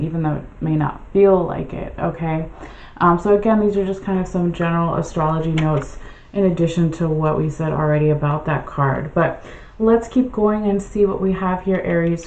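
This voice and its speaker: A woman's voice: lowish voice, darkish tone, roomy sound, dull audio, slight background noise. A woman giving a casual tarot reading, rambling and correcting herself, often checking in with "okay?". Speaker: tarot reader.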